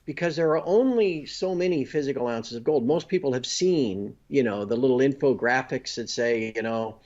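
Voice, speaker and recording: A man's voice: medium pitch, normal speed, a little mellow, muffled recording. A man being interviewed, explaining finance step by step and often checking in with "you know" and "okay?". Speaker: guest. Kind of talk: conversational interview.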